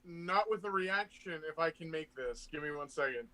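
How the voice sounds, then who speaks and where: A man's voice: a little high, lively intonation, normal speed, bright, forceful tone. A man playing a tabletop game who rolls dice aloud and gleefully describes his character's attacks in vivid detail. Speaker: player.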